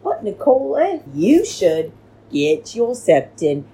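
A woman's voice: medium pitch, big pitch swings, slow, mellow, slightly rough, poor audio. A woman hosting a podcast, rambling through a casual recap chat and calling her listeners darlings, recorded at home on a cheap microphone. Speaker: podcast host. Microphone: cheap free microphone.

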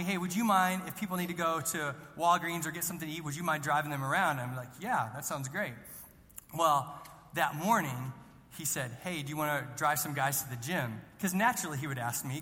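A man's voice: high-pitched, pushed and bright. A man who is a student pastor preaching a sermon, telling stories in a chatty way with self-deprecating jokes, in a church sanctuary. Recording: long reverb of a large hall.

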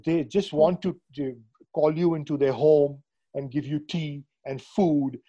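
A man talks through a video call in a thoughtful, halting way, full of restarts and fillers. His voice sits a little high for a man yet sounds dark and mellow. He talks like a host in an unhurried interview. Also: fairly even intonation, lo-fi sound. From India. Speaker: podcast host. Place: Srinagar.

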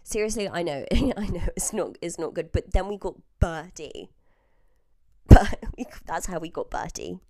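A young woman in her early twenties from southern England, hosting a podcast while under the weather, tells chatty stories with lots of laughter and the odd whisper. Her lowish voice is warm, expressive and a little slow, recorded very close to the mic in a dry, studio-quality setting.

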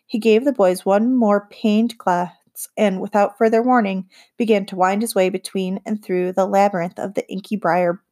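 A woman narrating an audiobook in a calm, measured storytelling voice. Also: medium pitch.

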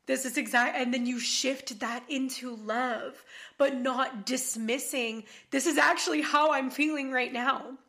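A woman's voice: sits high, steady tone, a little slow, bright, forceful tone. A woman hosting a podcast interview, effusive and heartfelt, swearing casually as she talks. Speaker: podcast host.

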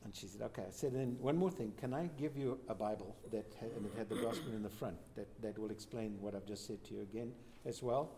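A man, a pastor, telling a church testimony as a lively storyteller who acts out the quoted lines. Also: on the low side, fast talker, hardly any pauses, slight background noise. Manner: animated storyteller, voices quotes.

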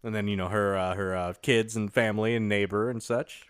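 A man's voice: lowish voice, fairly even intonation, brisk, clear, resonant tone, no echo, studio quality. A man co-hosting a podcast in casual chat, joking around and laughing often. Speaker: podcast co-host.

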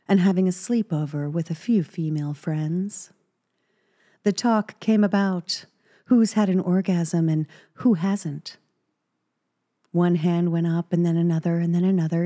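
A middle-aged woman from Texas tells a personal story on her podcast, close and confiding. Her voice is low, husky and mellow, and she often giggles and slips into whispers. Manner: intimate, giggly, dropping into whispers. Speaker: podcast host.

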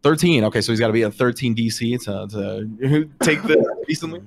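A man's voice: mid-range voice, a little fast, gravelly, slight background noise. A man narrating a tabletop game as game master, rambling with lots of fillers.

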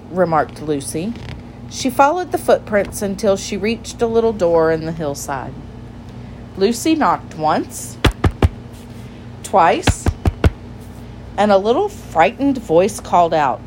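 Woman gently reading a storybook aloud. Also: medium pitch, sing-song, takes it slowly, slight background noise, poor audio.

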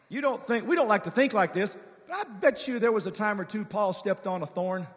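A man preaching a guest sermon, calling on the congregation to respond, moving between quiet conversational asides and shouted, drawn-out declarations. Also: sits high. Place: large church sanctuary with reverb. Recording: long church hall reverb.

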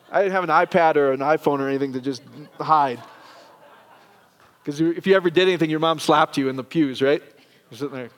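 A man preaching a sermon, animated and joking with his congregation. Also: fairly high pitch, moderate pace, long pauses. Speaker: pastor. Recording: long reverb of a church hall.

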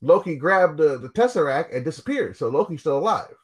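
Lively-pitched man in casual chat. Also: a little fast, breathy edge. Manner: persistent, circling back to a question. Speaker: podcast co-host.

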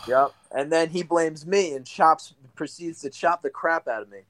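A man's voice: fairly high pitch, normal speed, fairly bright tone. A young man, a guest pro wrestler, telling stories in a casual interview, rambling with lots of likes and you-knows.

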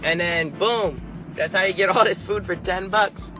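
A young man vlogging, telling a story in an animated, laughing way and acting out the people in it. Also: high voice, moderate pace, music in the background. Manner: animated, laughing, acts out the people in his stories. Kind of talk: casual storytelling.

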